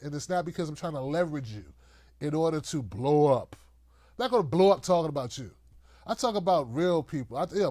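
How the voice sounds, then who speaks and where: High-voiced man ranting with mocking humor. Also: no room sound, studio quality. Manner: animated, mocking, acts out quoted voices, laughs often. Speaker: political commentary host. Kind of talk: loose rant to camera.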